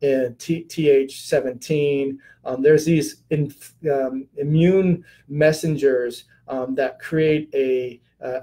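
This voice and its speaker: A man's voice: medium pitch, mellow, low-quality recording. A middle-aged man hosting a casual live-stream Q&A, chatty, with many fillers, greeting viewers by name.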